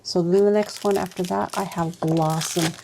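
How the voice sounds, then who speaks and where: A woman's voice: on the low side, steady tone, moderate pace, creaky, noisy background. A woman vlogger chatting casually through a stationery unboxing, gushing and exclaiming as she goes.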